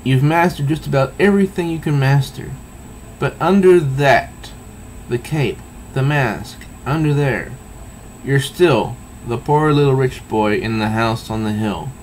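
A man voicing a sultry, cunning female cat burglar from a comic book, drawn-out and teasing. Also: medium pitch, slight background noise, lightly acted, low-quality recording. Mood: taunting.

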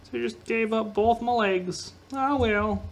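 A man's voice: sits high, measured pace, vocal fry. A young man commentating his gameplay in a goofy, rambling way, talking to himself and to viewers. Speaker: gaming video host.

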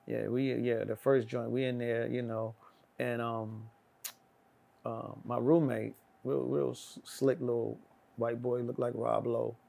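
A middle-aged male guest with a gravelly, creaky voice tells an anecdote at an unhurried pace in a relaxed chat. He voices the other characters himself, getting loud and jumping high in pitch when he does, making the storytelling animated.

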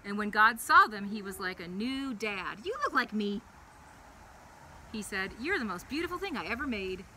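A young woman leading a preschool chapel, reading a Bible story to young children in a playful, animated way. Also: medium pitch, moderate pace, slight background noise, low-quality recording.

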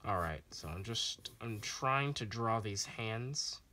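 A man's voice: fairly low pitch, animated, takes it slowly, bright, forceful tone. A man vlogging as he draws, recorded on a phone, chatting in a rambling, self-deprecating way with a voice that sounds sarcastic. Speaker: artist vlogger drawing on camera. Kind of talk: casual rambling chat while drawing.

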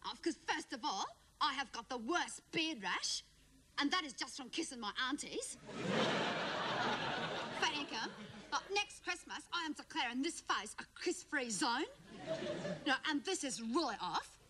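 High, whiny Australian schoolgirl, bratty and melodramatic, over heavy background noise. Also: sing-song, unhurried. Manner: whiny, complaining, peppered with "you know". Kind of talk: sketch comedy monologue.

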